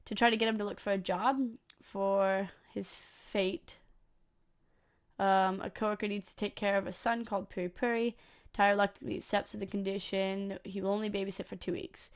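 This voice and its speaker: A woman hosting a let's play, reading a visual novel aloud and breaking off for casual, sweary asides. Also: medium pitch. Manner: casual, sweary asides between read lines.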